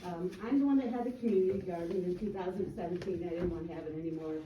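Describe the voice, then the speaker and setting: A woman giving a plain, halting account with frequent ums, speaking as a resident at a community meeting. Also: on the low side, mellow. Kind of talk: public comment at a meeting. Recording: echoey room, distant mic, faint noise.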